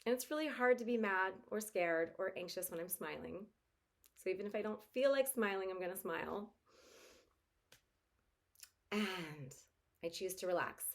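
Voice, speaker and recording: A woman parenting coach speaking gently and encouragingly to parents, modeling soothing words they can say to an anxious child. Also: medium pitch, lively intonation, normal speed, long pauses, a little hiss or hum.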